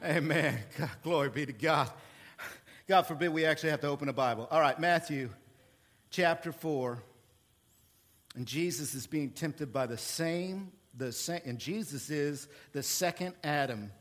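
A male pastor preaching a sermon in an animated, playful way, with sudden jumps in pitch and volume. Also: normal speed.

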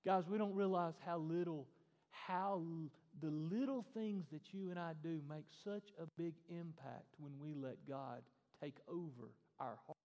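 A man preaching a sermon to his congregation, animated and acting out the voices he quotes. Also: on the high side, normal speed, big-room sound. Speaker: pastor.

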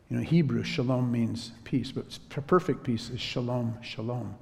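A man preaching a sermon as a story, in a relaxed conversational way. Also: medium pitch, moderate pace, creaky, hardly any pauses, big-room sound, a little hiss or hum. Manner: conversational, drops to a whisper when quoting himself.

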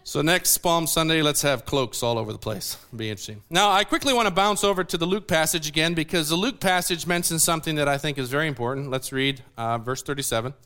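A pastor preaching in a church, his voice high-pitched and bright. He speaks in a smooth, clear tone. He reads scripture aloud, then drops into playful asides for the congregation. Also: quick pace, hardly any pauses. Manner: playful, joking asides between scripture readings. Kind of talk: sermon. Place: church sanctuary.

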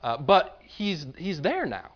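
A man's voice: fairly high pitch, wildly swooping pitch, slow pace, lo-fi sound. A man preaching a sermon in a conversational way, now and then acting out the voices of the people he describes. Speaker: pastor.

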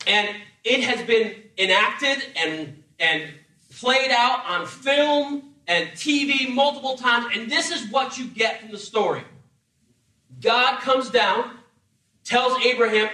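A high, bright-voiced man preaching a sermon, lively and humorous, slipping into acted voices as he tells the story. He sounds a little off the mic, and the room around him echoes. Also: slow pace, distant mic. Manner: animated, acts out voices with humor. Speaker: pastor.

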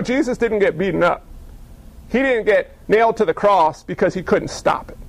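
High-voiced male pastor preaching. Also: creaky, breathy edge. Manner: lively, full of rhetorical questions and wry asides. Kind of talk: sermon.

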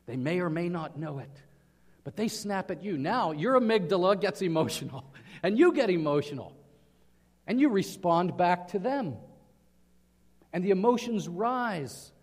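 A man preaches in an earnest way and keeps putting questions to his listeners. His voice sits high for a man. Long reverb from a large hall hangs on every phrase. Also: expressive, a little slow. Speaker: pastor. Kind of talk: sermon.

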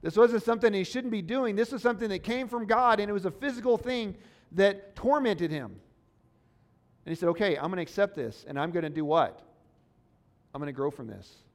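Guy preaching a sermon, kinda high voice, earnest and chatty, lots of "right?". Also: a little fast. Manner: earnest, conversational preaching with rhetorical questions. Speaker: pastor.

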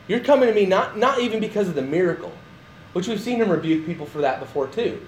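A man's voice: high-pitched, expressive, quick pace, a little hiss or hum. A man preaching a conversational sermon in a church, restarting phrases and acting out quotes with animation. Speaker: pastor.

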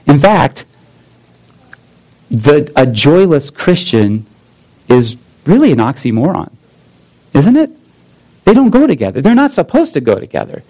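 A man in his thirties preaching a sermon as pastor, deliberate, with repeated phrases and rhetorical questions. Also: on the high side, very animated, darkish tone, rough recording.

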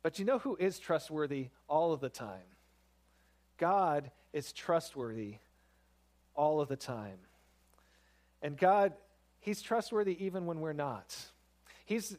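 Pastor, male, slightly higher voice; conversational sermon delivery that leans into emphasis. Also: darkish tone. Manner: conversational, storytelling with rising emphasis.

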